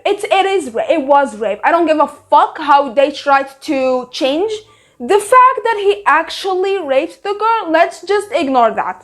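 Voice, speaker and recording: A young woman ranting about a book, exasperated, sarcastic and full of swearing. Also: high-pitched. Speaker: book reviewer. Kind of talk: casual book review rant.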